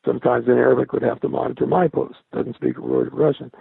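An older man, a former military radio linguist, recalling his service in a halting interview style, often repeating and restarting words. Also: mid-range voice, level tone, gravelly, husky, no room sound. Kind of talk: recollecting in an interview. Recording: dry, tinny phone-like sound.

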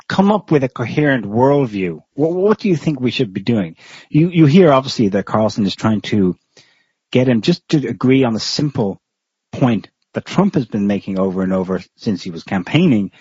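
Husky man giving rambling commentary. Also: mid-range voice, a little mellow, dry recording. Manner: rambling, explanatory, with frequent restarts. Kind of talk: casual political commentary. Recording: dull lo-fi recording.

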